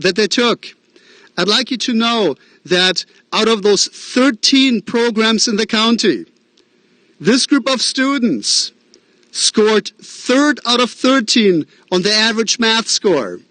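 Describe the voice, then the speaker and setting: A man with a Midwestern American accent delivers a principal's welcoming address at a graduation ceremony. His voice sits notably high, and the recording is dry and close. He talks in an earnest, encouraging way, with fillers and self-deprecating asides. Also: a bit bright, dry recording. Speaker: school principal. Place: outdoor drive-in graduation ceremony.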